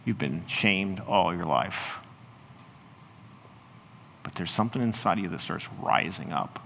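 A male pastor with a low, gravelly voice guides his congregation through an imagined scene, easing into slow, hushed storytelling. His words ring out in a church hall with a long reverb and faint ambience behind them. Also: expressive, a little hiss or hum. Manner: slows and softens into hushed storytelling.

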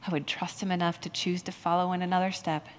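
A woman's voice: on the low side, flat delivery, fast. A woman pastor giving a candid, self-deprecating personal testimony in a sermon, laughing at herself now and then. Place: church sanctuary. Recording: long hall reverb from a church sanctuary.

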